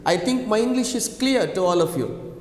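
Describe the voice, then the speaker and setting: A man's voice: sits high, expressive, darkish tone. A man with an Indian accent teaching English pronunciation, repeating each sound and checking in with his students with many fillers. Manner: repetitive, drills sounds slowly, frequent fillers and check questions. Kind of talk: online lesson. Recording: echoey room, long reverb.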